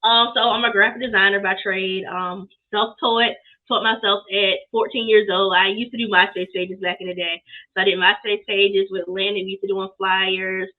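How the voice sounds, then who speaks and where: A young woman, a business owner, telling her story casually and lively in an interview. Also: mid-range voice, moderate pace. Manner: lively storytelling, acts out quoted people. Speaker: guest, apparel business owner. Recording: tinny phone-line sound.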